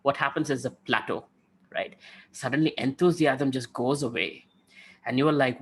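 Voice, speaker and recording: A man's voice: medium pitch, normal speed. A man giving a conversational devotional talk, telling stories and often checking in with "right?". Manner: conversational, frequent "right?" tags, acts out quotes. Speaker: spiritual speaker.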